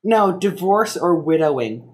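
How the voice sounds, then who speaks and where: Brief: young male podcast co-host, slightly higher voice, loose rambling delivery full of ums and jokes. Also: lively intonation, unhurried, a crowd in the background. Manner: rambling, joking, many fillers and restarts. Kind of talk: casual chat.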